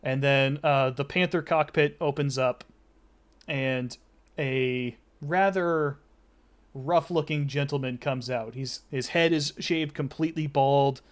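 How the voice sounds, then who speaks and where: A man narrating as game master of a tabletop game, relaxed, with many fillers and restarts. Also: medium pitch, takes it slowly.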